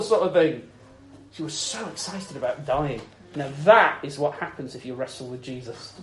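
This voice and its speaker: A man preaching a sermon, telling stories expressively, with loud emphasis and soft, intense passages. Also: a little high, animated, normal speed, slight background noise. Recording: echoey room with faint ambience.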